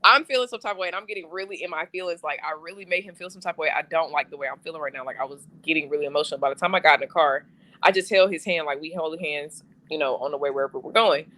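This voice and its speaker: A man's voice: on the high side, very fast, pushed and bright. A man co-hosting a casual podcast, telling a personal story with lots of slang and swearing. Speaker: podcast co-host.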